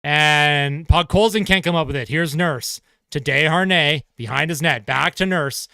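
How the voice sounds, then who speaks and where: A man giving live play-by-play of a hockey game as a fan commentator, excitable and quick to shout. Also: a little high, vocal fry, clear, resonant tone, no echo, studio quality. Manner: excitable, shouts on goals, laughs at himself.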